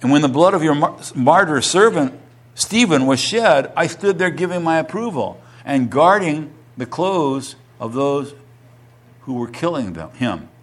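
A middle-aged male pastor preaching a sermon, reading scripture aloud and then retelling it with rising, animated emphasis. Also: a little slow. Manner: animated, rising in pitch and volume when retelling a quoted testimony.

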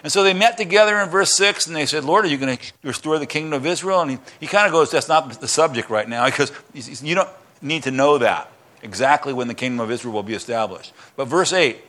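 A man preaching a fired-up sermon as a pastor, excited and passionate, often stumbling and restarting his sentences. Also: a little high, fast talker.

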